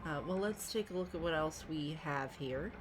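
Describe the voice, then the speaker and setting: Low-voiced woman with dry jokes. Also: normal speed, background noise. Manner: dry, joking asides. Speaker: player of the game. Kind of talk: casual chat while playing.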